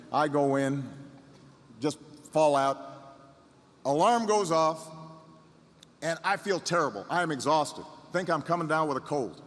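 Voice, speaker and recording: A man's voice: fairly high pitch, lively intonation, measured pace, pauses often, fairly bright tone. A man in his fifties giving a motivational speech as a story, building it with repetition and rising emphasis. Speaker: public speaker. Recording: long hall reverb.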